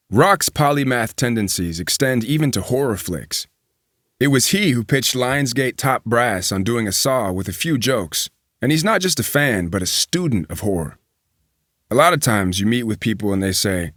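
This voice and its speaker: Guy reading a magazine feature out loud, steady and even, dry close sound. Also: on the low side, moderate pace, dry recording. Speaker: news reader. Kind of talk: reading a magazine profile aloud.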